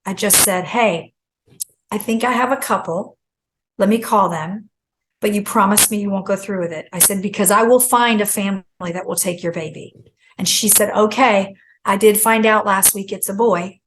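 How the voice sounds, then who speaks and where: A middle-aged woman guest telling a story in an animated way, her pitch leaping high whenever she acts out someone else's words. Her voice sits in a middle range, with a faint hiss of background noise. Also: normal speed, low-quality recording. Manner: acts out quoted speech with big pitch jumps. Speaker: guest author.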